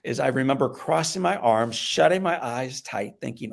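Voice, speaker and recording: A middle-aged man from the American Midwest with a gravelly, fry-edged voice at an ordinary pitch. He tells his story with lively shifts, sinking to a hush for the tender parts and rising sharply for the punch lines. It sounds like a guest on a podcast. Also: moderate pace. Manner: animated storyteller, acts out voices and swings from hushed to loud. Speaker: podcast guest, motivational speaker.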